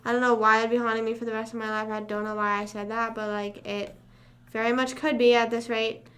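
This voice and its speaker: Talking casually to her livestream chat, a young woman with a slightly high, bright, forceful voice drifts off topic and hums between remarks. Her tone stays level and her delivery is brisk.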